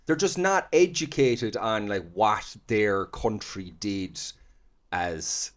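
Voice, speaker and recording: A man's voice: lowish voice, slow pace. A man in his thirties with a Cork Irish accent, chatting as a comedian guest in a rambling, filler-heavy way. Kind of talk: casual chat.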